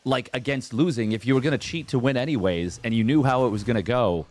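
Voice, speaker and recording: A man's voice: mid-range voice, quick pace, a little mellow, natural voice. A man voicing a naive young boy, whiny and full of questions, in a retold comic scene. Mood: questioning.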